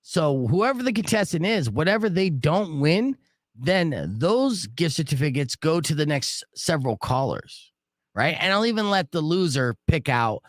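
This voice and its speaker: Male radio morning host, joking storyteller, lively rising and falling delivery, dry close studio mic. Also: on the high side, moderate pace, no room sound. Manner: animated, joking, acts out quoted voices. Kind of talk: casual storytelling and game hosting. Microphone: studio microphone.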